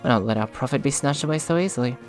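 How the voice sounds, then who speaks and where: A man's voice: mid-range voice, very fast, soft background music, close to an everyday voice. A man voicing a greedy, rude male bandit, read in a plain reading voice. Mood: scornful. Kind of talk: reading game dialogue aloud.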